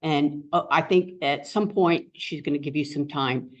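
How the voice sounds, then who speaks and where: A woman's voice: low-pitched, moderate pace. A woman hosting a group meeting, introducing the guest speaker in a rambling, heartfelt way with many fillers. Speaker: meeting host and co-founder. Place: meeting room with an audience. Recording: dull lo-fi recording.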